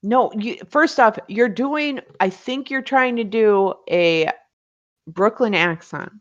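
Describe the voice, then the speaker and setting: A woman's voice: a little high, takes it slowly, muffled recording. A woman co-hosting a casual stream chat, playfully indignant and dramatic. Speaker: co-host.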